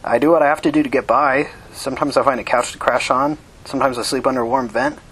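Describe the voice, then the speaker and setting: A man voicing a nervous young man posing as a drifter, hesitant and stammering, in a husky voice. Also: mid-range voice, animated, quick pace, a bit bright, full character voice, low-quality recording.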